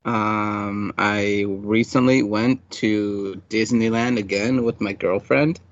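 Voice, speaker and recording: A man co-hosting a casual podcast chat, laid-back and quick to laugh. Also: lowish voice, steady tone, dull audio. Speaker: podcast co-host. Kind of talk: casual chat over beers.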